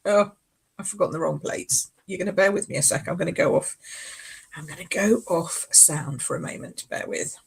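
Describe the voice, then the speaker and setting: A woman's voice: on the low side, moderate pace, vocal fry, slightly rough. A woman demonstrating card making in a live craft tutorial. She chats casually, often apologises and laughs along the way.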